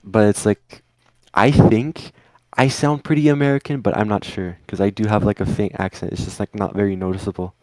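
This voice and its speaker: A young man with a fairly low voice chats on a podcast in a loose, rambling way, full of fillers and half-finished restarts. English is not his first language. The sound is dry and close, with no room in it. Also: fairly even intonation, a little fast, darkish tone, dry recording. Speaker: podcast co-host. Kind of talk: casual chat.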